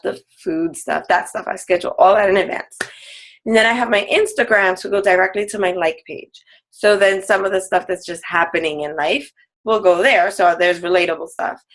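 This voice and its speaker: A woman fitness coach, a guest on a team call, talking casually with lots of "like" fillers and frequent laughs. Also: mid-range voice. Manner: chatty, full of "like" fillers, laughs often.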